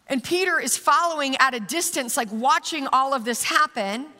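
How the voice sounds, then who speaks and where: Bright-voiced woman preaching in a hall. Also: high voice, moderate pace. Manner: casual, animated storytelling with many fillers. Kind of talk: conversational sermon. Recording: long reverb of a large hall.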